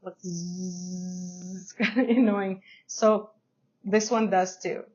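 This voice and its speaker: A woman's voice: mid-range voice, steady tone, a little slow, a little mellow, lo-fi sound. A woman who is not a native English speaker, reviewing fragrances in a chatty, hesitant way and laughing often. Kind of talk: casual review to camera.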